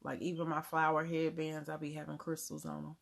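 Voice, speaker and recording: A woman's voice: low-pitched, monotone, fairly quick, vocal fry. A woman with a Southern US accent, chatting casually on a livestream and answering viewers, laughing often. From Germany. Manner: drops words, casual grammar. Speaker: livestream host. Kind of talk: casual live chat reading comments.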